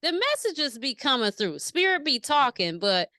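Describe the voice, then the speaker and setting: A woman chatting casually in an interview, telling stories in an animated, slangy way and asking questions. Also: high voice, moderate pace, no room sound, clean studio sound. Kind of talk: casual conversation.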